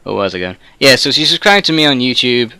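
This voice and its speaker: A man's voice: mid-range voice, animated, fast, sharp tone, smooth, no room sound. A young Englishman ranting on his gaming channel, rambling and sweary, full of filler words and trailing asides. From England. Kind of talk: ranting monologue.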